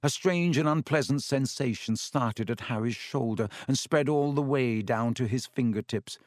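A man reading a story aloud at a steady, measured pace, putting on voices for the dialogue. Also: medium pitch, no echo, clean studio sound. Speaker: narrator. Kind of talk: audiobook reading.

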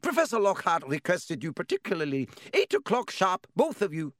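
A man voicing a strict older female professor who speaks in crisp, clipped commands. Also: high-pitched, very animated, moderate pace, a bit bright, no room sound, studio quality, pitched above the performer's own voice. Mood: stern.

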